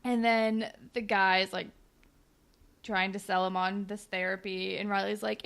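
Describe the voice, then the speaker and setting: A woman's voice: medium pitch, steady tone, moderate pace, creaky, fairly bright tone. A woman co-hosting a podcast, casually recapping a TV episode and acting out the characters' lines. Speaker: podcast co-host.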